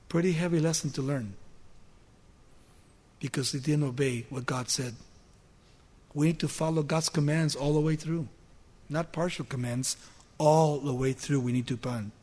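Male preacher, storytelling sermon, high voice, long hall reverb. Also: breathy edge. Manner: storytelling, asks rhetorical questions.

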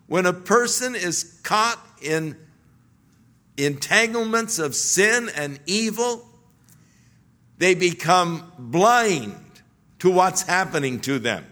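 A male preacher delivers an earnest sermon and leans into emphatic exclamations. His voice is bright and forceful. He takes his time, speaking slowly and deliberately. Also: sits high, expressive.

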